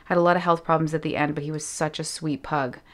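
A woman's voice: deep voice, fairly even intonation, quick pace, fairly bright tone. A woman vlogger chatting casually as she unboxes fan mail at home, effusive and often dropping to an awed whisper. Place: home studio.

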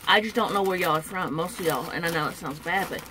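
A woman chatting to camera in a casual vlog, opening packages. She is still unwell and recovering, and talks in an emotional, tearful, softly thankful way. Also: fairly low pitch, quick pace, noisy background. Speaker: vlogger opening viewer packages.

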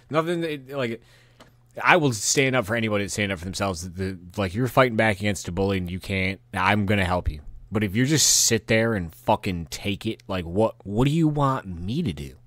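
A man's voice: lowish voice, dry recording. A man hosting a podcast, delivering a rambling, profane rant with angry bursts and frequent restarts. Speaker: podcast host.

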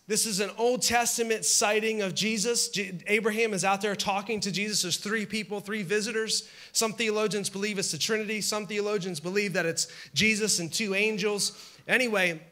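A man's voice: sits high, sharp tone. A man preaching a sermon as pastor, conversational and humorous, acting out the scenes he tells.

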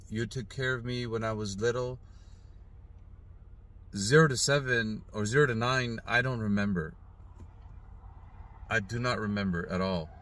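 A middle-aged father speaking earnestly in a heartfelt personal video message, halting and emotional at times. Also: medium pitch, a bit bright. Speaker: father posting an apology video.

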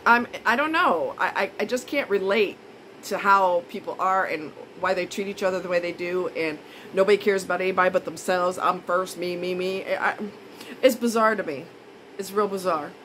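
A woman's voice: mid-range voice, normal speed, fairly bright tone, slight background noise, low-quality recording. A woman vlogger in a casual monologue, blunt and indignant, repeating her points for emphasis.

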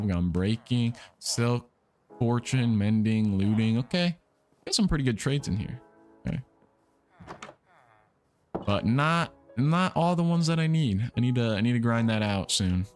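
A young man hosting a game livestream, talking casually and rambling, often restarting and repeating his words. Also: mid-range voice. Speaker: livestream gamer host. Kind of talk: casual livestream chat while playing. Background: soft background music.

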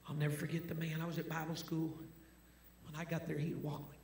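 A man preaching a sermon in a church, swinging between loud preaching and hushed, near-whispered storytelling. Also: a little high, little pitch movement, fast talker, creaky, slight background noise. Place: church sanctuary. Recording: roomy church echo with music.

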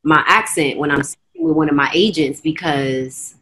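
A young woman from the United States telling her story in an earnest, fast-flowing way, often slipping into quoted dialogue. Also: low voice, fairly bright tone, a little hiss or hum. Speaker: guest. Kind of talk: candid personal storytelling.

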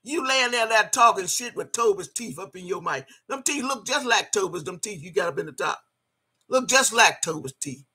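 A woman's voice: mid-range voice, expressive, normal speed, bright, forceful tone, breathy edge. An older woman ranting on camera in heated, scolding commentary, cursing freely and repeating her phrases for emphasis. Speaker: video blogger.

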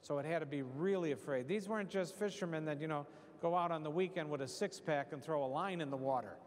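A middle-aged man giving a parish retreat sermon, telling a story with lively humor. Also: fairly high pitch, fast. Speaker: retreat preacher. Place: church. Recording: echoey church hall.

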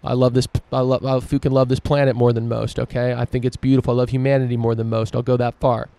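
Dark, flat-voiced ranting male podcaster. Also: medium pitch, fast talker, vocal fry. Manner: profane, emphatic ranting. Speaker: podcast host. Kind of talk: solo opinion podcast monologue.

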